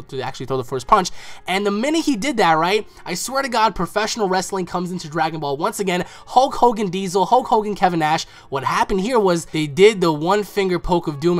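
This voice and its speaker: A man hosting an online video, excitedly recapping an anime episode in casual, emphatic commentary. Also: high-pitched. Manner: excitable, emphatic, acts out characters' lines in quotes. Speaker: anime reaction channel host.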